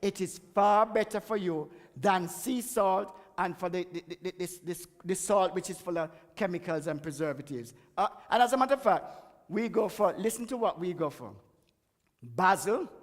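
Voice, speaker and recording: A man's voice: high-pitched, animated, normal speed. A man giving a chatty, emphatic health talk at a church and laughing at himself now and then. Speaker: guest speaker on health. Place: church hall. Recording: echoey church hall.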